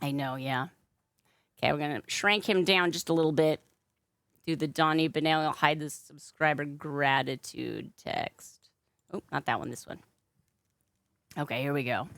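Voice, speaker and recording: A woman's voice: deep voice, normal speed, creaky, long pauses, fairly bright tone, no echo. Chatty woman live-streamer, dry close sound. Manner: chatty, upbeat, with frequent fillers. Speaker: streamer and balloon artist. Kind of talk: casual live-stream chat.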